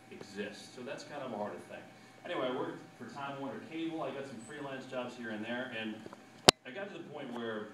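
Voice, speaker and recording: A man, a sportscaster, giving an animated storytelling talk to students and acting out quotes with loud bursts. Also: on the low side. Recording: echoey room, distant mic, background noise.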